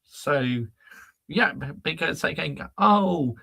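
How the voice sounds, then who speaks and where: A man's voice: fairly high pitch, very animated, slow, vocal fry, bright, forceful tone, husky. A man hosting a football fan channel, ranting in anger and frustration and swearing as he talks. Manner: angry, exasperated, swearing.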